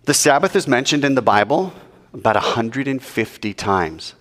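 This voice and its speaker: A man preaching in an animated, rhetorical way and asking the audience questions. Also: medium pitch, normal speed, big-room sound. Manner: animated, rhetorical, mock-quoting. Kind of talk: sermon.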